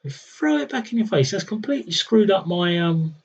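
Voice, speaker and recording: A man's voice: sits high, expressive, a little fast, creaky, slightly rough, dull audio. A young man streaming a strategy game, thinking aloud with wry, muttered commentary. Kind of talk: casual live gameplay commentary.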